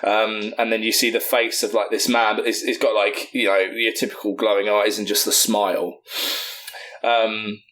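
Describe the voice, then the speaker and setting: A man's voice: lowish voice, level tone, moderate pace, fairly bright tone. Rambling, profane male podcast co-host. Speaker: podcast co-host pitching a film. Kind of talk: casual comedic storytelling.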